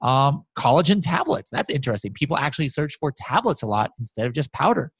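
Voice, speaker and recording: A man walking through software results on a shared screen in casual talk, animated and excited, with many fillers and restarts. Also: mid-range voice, fast, slightly rough, dry recording. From United States. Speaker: guest software expert.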